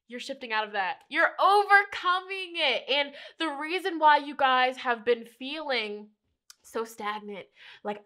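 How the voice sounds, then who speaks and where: Earnest higher-pitched woman reading tarot. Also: normal speed, pushed and bright. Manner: emotional, earnest, repeats phrases, addresses viewers as you guys. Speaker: tarot reader. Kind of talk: pick-a-card tarot reading to viewers.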